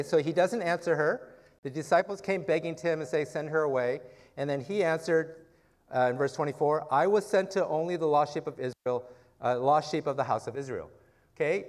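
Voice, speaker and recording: A man preaching in a casual, conversational Bible-teaching style, often checking in with "okay" and "right?" and asking rhetorical questions. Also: a little high.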